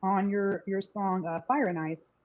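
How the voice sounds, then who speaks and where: A woman's voice: mid-range voice, steady tone, unhurried, a little mellow, dull audio. A woman interviewing a guest over a video call, hesitant and playful, often restarting her sentences.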